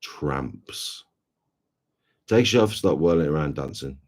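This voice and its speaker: A laid-back male streamer with an extremely deep voice. He chats casually and without hurry with his viewers, and his tone stays low-key. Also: lively intonation, normal speed, a little mellow. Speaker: streamer host. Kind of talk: casual live stream chat.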